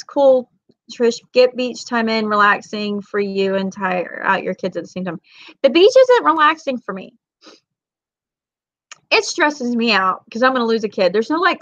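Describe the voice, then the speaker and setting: A woman's voice: a little high, no room sound, lo-fi sound. A woman, chatting casually on a livestream, telling rambling stories and reading viewer comments. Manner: chatty, rambling, animated storytelling with Southern colloquialisms. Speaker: livestream vlogger and mom.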